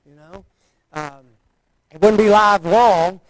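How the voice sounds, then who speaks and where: A man's voice: sits high, slow, rough recording. A man preaching a sermon in a folksy, conversational way, often asking the listeners rhetorical questions.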